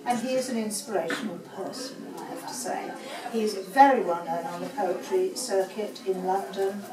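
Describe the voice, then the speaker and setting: A woman gives a chatty, good-humoured introduction, her voice settling into a slightly low register. She is picked up from a distance in an echoing room, with the audience clearly audible around her. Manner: chatty, warm-humoured, laughs between lines. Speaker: festival host introducing a poet. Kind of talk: casual spoken introduction. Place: festival venue indoors. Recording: echoey room, mic far off, audience murmur.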